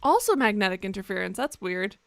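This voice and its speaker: Lively young woman gaming streamer. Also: mid-range voice, a little fast, vocal fry, no room sound. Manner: animated, joking, swears and gasps at the game. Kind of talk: let's play commentary.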